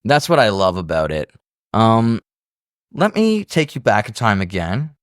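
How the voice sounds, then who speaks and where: A man hosting a podcast interview, telling animated stories and acting out other people's voices in casual chat. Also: on the low side, a little slow, dry recording, clean studio sound. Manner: animated storyteller who acts out voices. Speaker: podcast host.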